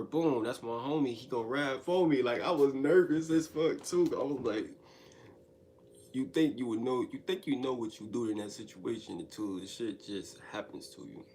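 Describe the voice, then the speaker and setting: A man telling a wild personal story in a casual, profane monologue, swinging between loud outbursts and hushed asides. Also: medium pitch, slight background noise.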